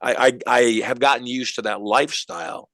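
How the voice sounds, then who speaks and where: An older man, a hypnotist guest in an interview, telling stories with energetic emphasis. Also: medium pitch, brisk, no room sound. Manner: energetic, emphatic, acts out quoted voices. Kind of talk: animated storytelling interview.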